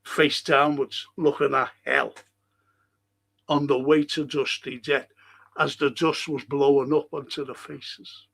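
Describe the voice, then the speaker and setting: A man hosting a talk show, giving an impassioned monologue and reciting verse with slow, emphatic delivery and dramatic pauses. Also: mid-range voice, steady tone, vocal fry, fairly bright tone, breathy edge. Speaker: radio show host.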